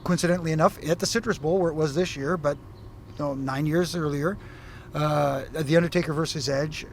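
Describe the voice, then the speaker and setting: Middle-aged Canadian man, interview guest, upbeat rambling anecdotes, slightly high voice, faint venue noise. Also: fairly quick. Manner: animated storyteller, frequent fillers and restarts. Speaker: former wrestling referee, guest. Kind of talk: casual interview chat.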